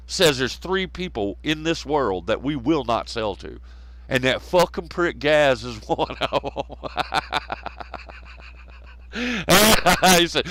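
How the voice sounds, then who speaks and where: A man with a Southern American accent, from the Southern U.S., runs a live stream of casual rambling, with plenty of swearing, laughter, mockery, and mimicking of others. His mid-range voice is a bit bright. There's no echo, but the audio is poor.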